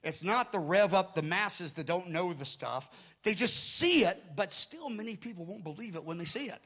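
A middle-aged man delivers a storytelling sermon in a slightly higher-than-usual male voice. He is animated, acting out the people in his story. He often drifts into rambling asides and corrects himself mid-sentence. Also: moderate pace. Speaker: preacher.

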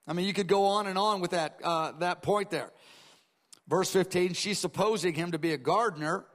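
Man pastor, high voice, conversational sermon delivery, long hall echo. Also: normal speed, fairly bright tone. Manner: conversational expository preaching with dramatized asides.

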